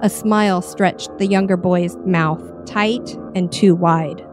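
A woman reading a horror story with measured, expressive narration. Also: fairly low pitch, music in the background. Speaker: story reader.

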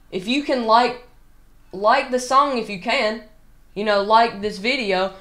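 A woman chatting casually with viewers on a drumming livestream, excitable, with sudden loud shouts and rambling restarts. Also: on the high side, slow pace, pauses often, faint music behind.

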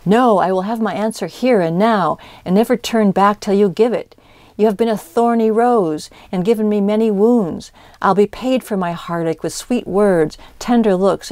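A woman's voice: medium pitch, a little mellow, no echo, lightly acted. A woman reading the part of an impassioned young man in love, speaking impetuously and insistently.

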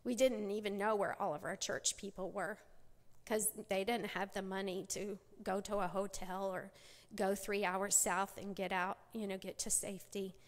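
A woman's voice: mid-range voice, flat delivery, moderate pace. A middle-aged woman giving a personal testimony at a church women's conference, storytelling with many restarts. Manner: storytelling, many restarts, acts out quoted voices. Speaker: conference speaker. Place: church sanctuary. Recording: long hall reverb.

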